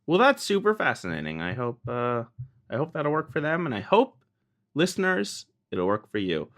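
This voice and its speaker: A man co-hosting a podcast in casual chat, playful and teasing, with his tone leaping between high and low. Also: wildly swooping pitch, moderate pace, fairly bright tone. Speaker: podcast co-host.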